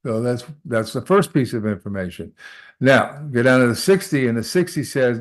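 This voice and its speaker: A man's voice: mid-range voice, expressive, normal speed. A man teaching a live trading lesson, talking through charts aloud and often checking in with "all right?". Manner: repeats short phrases while working. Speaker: trading instructor.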